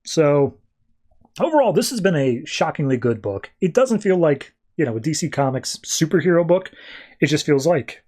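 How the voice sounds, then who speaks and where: A man's voice: on the high side, animated, normal speed, darkish tone. A man hosting a podcast, chatting casually and animatedly as he recaps and reviews comics. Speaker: podcast host.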